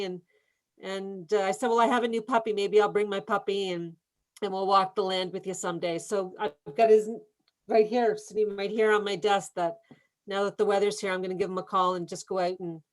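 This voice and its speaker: A woman's voice: medium pitch, fairly even intonation, fairly quick, low-quality recording. Woman realtor on a video call, earnest storyteller, gets a bit emotional. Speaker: real estate agent. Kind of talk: training session discussion. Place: home office.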